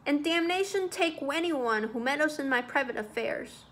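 A woman's voice: sits high, animated, moderate pace, a bit bright. A woman voicing a blunt, sulky young male teacher who speaks curtly and coldly. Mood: angry. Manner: curt and cold.

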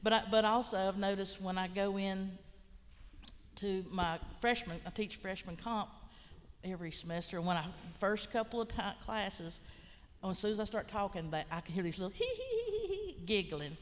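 A woman's voice: medium pitch, steady tone, moderate pace. Frank Appalachian woman in a hall. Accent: Southern Appalachian. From Appalachia, western North Carolina. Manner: frank, rambling, plainspoken, with mild swearing. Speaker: writer and college teacher on a panel. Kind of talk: casual panel storytelling. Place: large lecture hall.

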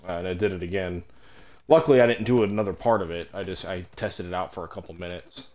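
A man's voice: sits low, fast, a little mellow. A man streaming a game, talking candidly and chattily to viewers, swearing offhandedly. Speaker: gaming streamer. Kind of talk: casual let's-play commentary.

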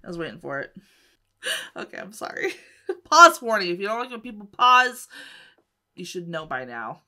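A woman hosting a reaction video, excitable and rambling, often exclaiming and laughing. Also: medium pitch, moderate pace. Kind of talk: casual reaction commentary.

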